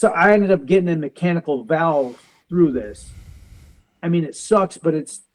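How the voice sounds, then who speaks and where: A man in his forties, a veteran and police officer, tells a personal story in an interview, quoting others in quick back-and-forth exchanges. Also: on the high side, darkish tone, low-quality recording. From United States. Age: 40s. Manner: quotes others in quick back-and-forth, uses car comparisons.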